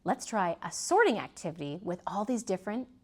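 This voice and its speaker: A woman teaching a preschool lesson, gently asking children to repeat words and point. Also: medium pitch, sing-song, fairly quick, breathy edge. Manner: sing-song, asks children to repeat and point.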